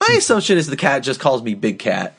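A male podcast host with a very animated, swooping voice. He banters playfully and now and then puts on an overblown, solemn delivery for laughs. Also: medium pitch, quick pace, gravelly, slightly rough. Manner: jokey, slips into mock-grand solemn delivery.

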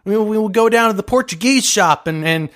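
A man's voice: high-pitched, a bit bright. A man doing a muddled old candidate. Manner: halting, trailing off, apologetic. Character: rambling, confused old male presidential candidate.

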